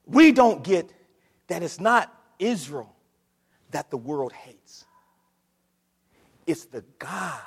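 A man preaching a sermon as pastor, moving from steady scripture reading to loud, shouted passages. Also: on the high side, slow pace, long pauses, breathy edge, in a large hall.

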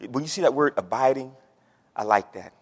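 A man's voice: medium pitch, lively intonation, brisk, breathy edge. A man preaching a sermon as pastor, folksy, with homespun stories and plain everyday sayings. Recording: long hall reverb.

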